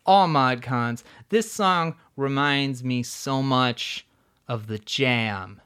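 Slow-talking, smooth-voiced podcast co-host man. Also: medium pitch. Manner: relaxed, jokey, enthusiastic about bands. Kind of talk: casual music chat.

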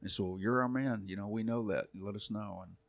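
A man around sixty, a youth pastor, tells a long story in a relaxed podcast chat, acting out quoted voices and laughing often. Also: on the low side, fast, vocal fry, no echo. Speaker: youth pastor and church elder.

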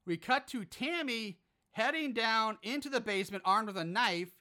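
A man's voice: high-pitched, moderate pace, bright, forceful tone. Profane, exasperated man recapping a movie. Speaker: podcast host.

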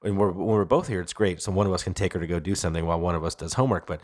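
A man in his thirties on a casual podcast, telling exasperated stories with lots of swearing, his voice jumping up high when he quotes himself. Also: steady tone, racing, darkish tone. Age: 30s. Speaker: podcast co-host. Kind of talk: casual chat.

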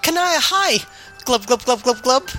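A woman puts on a bubbly young sea troll girl, high and bright, whose voice swoops up and down as she glubs between her lines. It is an upbeat, eager fan reading of chat logs. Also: expressive, unhurried, faint music behind, full character voice. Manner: peppers speech with fishy "glub" noises.

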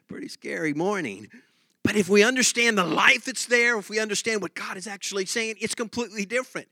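Männlicher Pastor, hell und lebhaft erzählend. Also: male voice, high-pitched, a little fast, no room sound, studio quality. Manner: animated storytelling, laughs often, acts out scenes. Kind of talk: sermon.

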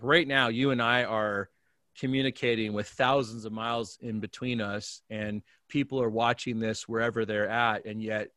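Guy pastor telling a story on a call, acts out every line, voice jumps high then drops, dry close sound. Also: dry recording. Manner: animated storyteller, acts out dialogue with big jumps in pitch and volume. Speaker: pastor, guest. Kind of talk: storytelling in a remote conversation.

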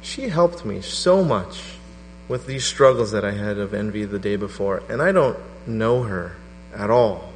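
A middle-aged man preaching a sermon to a congregation, telling a personal story with animated energy. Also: measured pace. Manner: animated storytelling, voice rising to a high pitch in quoted prayers. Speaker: pastor. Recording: reverberant hall with mains hum.

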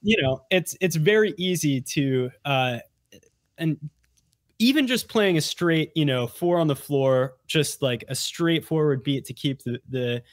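A man's voice: on the high side, unhurried, dry recording, clean studio sound. A man as a podcast guest, chatting casually and rambling with many fillers and restarts. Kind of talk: casual chat.

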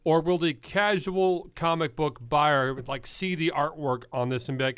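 A man's voice: fairly high pitch, fairly even intonation, normal speed, hardly any pauses, a bit bright, clean tone, no echo. A man co-hosting a casual podcast chat, joking and teasing his co-host.

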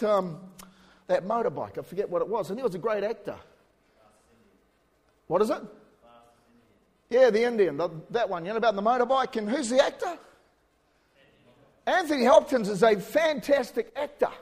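A New Zealand man with a matching accent preaches a sermon conversationally, mixing in joking asides and shouted emphasis. His voice sits high, and the recording carries hall reverb.

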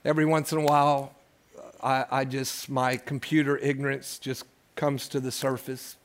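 This sixty-something pastor has a medium-pitched, level voice and talks at an ordinary pace. His church sermon alternates homespun stories with impassioned appeals, and he calls out to the congregation.

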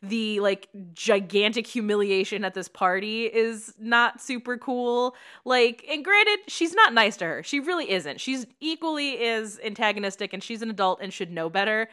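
A woman's voice: a little high, lively intonation, moderate pace, hardly any pauses, sharp tone, smooth. A woman co-hosting a podcast, chatting casually, giggly and chatty, sometimes swearing. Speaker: podcast co-host. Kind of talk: casual chat.

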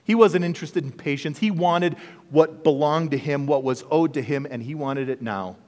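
Male pastor, fairly high voice, expressive sermon delivery, echoing hall sound. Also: moderate pace. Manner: animated, rhetorical questions to the congregation. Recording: long reverb of a large hall.

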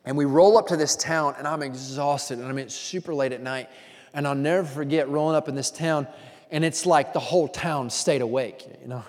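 A man preaching a sermon as pastor, talking conversationally and telling animated stories with asides to the congregation. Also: a little high, fairly quick, big-room sound.

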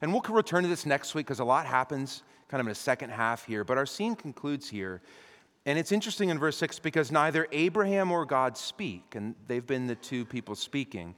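A male pastor preaching a sermon, impassioned, swinging between loud urgency and hushed storytelling in a church sanctuary. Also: medium pitch, very animated, fairly quick. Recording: long reverb of a large hall.

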